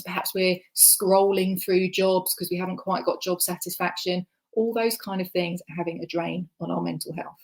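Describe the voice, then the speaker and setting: A woman giving a conference presentation, chatty and self-deprecating, with frequent ums. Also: on the low side. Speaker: conference speaker. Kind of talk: presentation talk. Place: online conference session.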